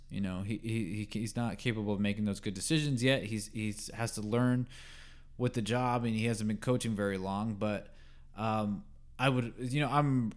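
A man hosting a solo sports podcast, talking in an opinionated, rambling way with many fillers and restarts, rising in pitch and volume when he gets heated. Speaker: podcast host.

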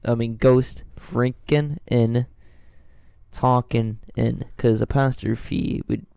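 A young man, co-hosting a casual podcast and speaking haltingly with many fillers. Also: medium pitch, fairly even intonation, vocal fry, mellow, clean tone, no room sound, clean studio sound. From Illinois, USA. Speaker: podcast co-host.

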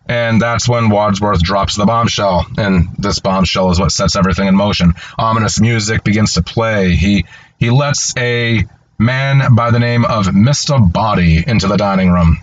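A man's voice: lowish voice, normal speed, highs cut off. A man casually retelling a movie's plot as an enthusiastic storyteller. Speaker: film reviewer. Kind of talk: casual film recap.

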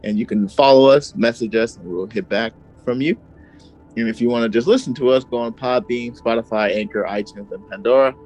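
A laid-back man co-hosting a podcast, chatting in slang and laughing easily. His pitch sits right in the middle for a man. Soft music plays faintly under his voice. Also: brisk, poor audio. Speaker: podcast co-host. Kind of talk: casual chat.

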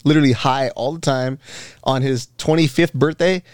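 A man's voice: mid-range voice, fairly even intonation, clear, resonant tone, dry recording, clean studio sound. A man in casual podcast chat, telling stories with lots of swearing. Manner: fast, profane, storytelling.

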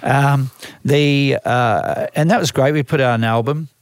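An Australian man with a clear, resonant, mid-range voice speaks at a measured pace in a dry recording. He's telling stories from his career managing musicians in a conversational way, bringing other people's lines to life and frequently starting his sentences again.

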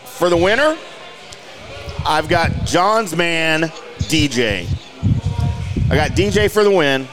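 A podcast host with a fairly high voice and lively intonation chats casually at a slow pace, pausing often. He jokes at his own expense like a self-mocking storyteller.

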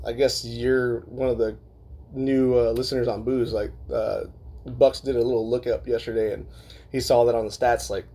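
A man's voice: mid-range voice, warm tone. A man from Southern California hosting a podcast, chatting loosely and profanely with lots of fillers and laughter as he goes through listener emails. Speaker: podcast host. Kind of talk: casual podcast chat reading listener emails.

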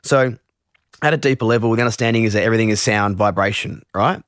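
A man who teaches meditation, explaining his practice in an interview in a relaxed way, with frequent restarts and asides. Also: fairly low pitch, fast talker, no echo, clean studio sound.

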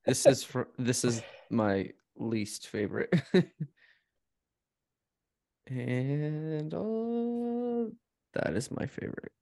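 A laid-back male podcast co-host who speaks slowly, with a dark, gravelly tone. His pitch rises and falls freely when he is amused. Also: no echo, clean studio sound. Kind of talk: casual podcast chat.

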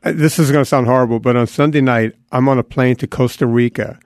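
A man's voice: medium pitch, fairly even intonation, fast, a little mellow, dry recording, studio quality. A man guesting on a chat show, telling stories with enthusiasm. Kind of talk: casual chat.

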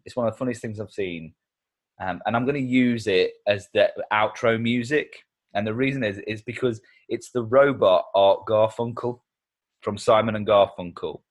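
A man's voice: fairly low pitch, normal speed. A man co-hosting a podcast in casual chat, who laughs easily and talks with animation. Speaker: podcast co-host.

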